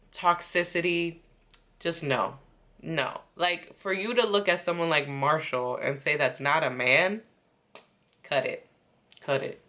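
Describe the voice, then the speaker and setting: A woman's voice: on the low side, pushed and bright. A young woman recapping a reality show in a casual, chatty way, filling her talk with "like" and "um" and acting out the quotes. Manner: chatty, lots of "like" and "um", acts out quotes. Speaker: recap host.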